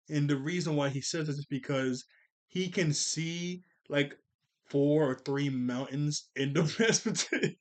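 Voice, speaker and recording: A man talks through a cartoon episode in a loose, chatty recap, his voice sitting a little high for a man. He laughs often and stops to correct himself mid-sentence. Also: measured pace. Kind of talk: casual recap and commentary.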